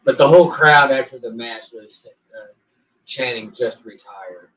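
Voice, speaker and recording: A man's voice: medium pitch, normal speed, fairly bright tone, far from the mic, rough recording. A man on a casual podcast, telling a rambling, profane story and acting out what people said. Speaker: podcast co-host.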